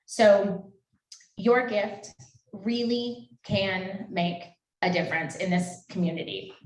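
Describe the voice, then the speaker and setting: A woman's voice: mid-range voice, steady tone, slow, a little mellow. A woman making an emotional, chatty fundraising appeal into a handheld microphone at a live event, laughing and tearing up. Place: event hall. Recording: echoey hall, distant mic.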